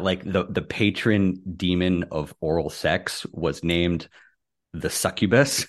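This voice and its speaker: A man with a low voice hosts a podcast and chats with guests over a remote call. He speaks in a friendly, rambling way, stopping and restarting often. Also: unhurried. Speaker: podcast host. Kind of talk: casual podcast chat.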